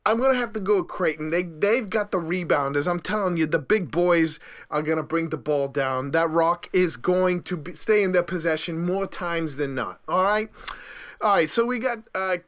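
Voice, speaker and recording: A man hosting his own sports show, giving bracket picks in a hyped, playful, boastful way with stumbling self-corrections and sudden loud bursts. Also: on the high side, normal speed. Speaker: sports pundit host. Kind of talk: casual bracket picks monologue.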